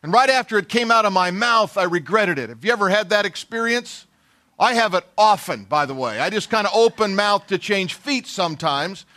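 A man's voice: high-pitched, animated, normal speed, pushed and bright. A middle-aged male pastor telling a personal story in a sermon, folksy and self-deprecating, acting out the people he quotes.

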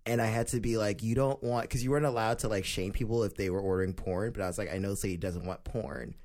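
A young man telling an animated story in a casual comedic chat. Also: fairly low pitch, quick pace. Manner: animated storyteller, big vocal swings.

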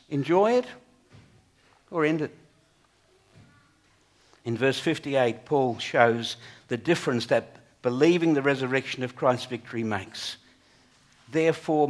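Guy preaching, fairly high voice, earnest, gets loud and emphatic then drops quiet. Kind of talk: sermon.

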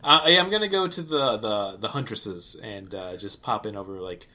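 A man playing a tabletop game, playful and quick to laugh. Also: on the low side, pushed and bright. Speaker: player.

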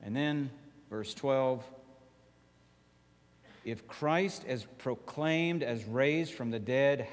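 A male pastor preaching a sermon, emphatic, dropping to quiet slow phrases and rising to urgent appeals. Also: mid-range voice, big-room sound.

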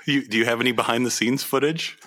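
A man co-hosting a casual interview, lively and quick to laugh along. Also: medium pitch. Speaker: podcast co-host.

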